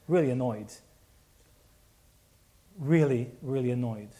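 A man's voice: mid-range voice, a little slow, long pauses, mellow. A man preaching a sermon, telling a personal story with many restarts and repeats.

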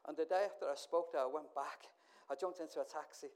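A middle-aged Englishman preaches a sermon full of stories, his voice on the high side and quick. He swings between hushed asides and loud, emphatic calls.

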